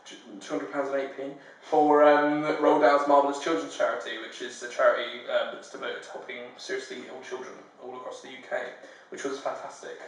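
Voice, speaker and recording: Relaxed young man, echoey room. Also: mid-range voice, a little fast. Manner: relaxed, filler-heavy. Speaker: student actor interviewee. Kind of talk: casual chat. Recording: echoey room, far from the mic.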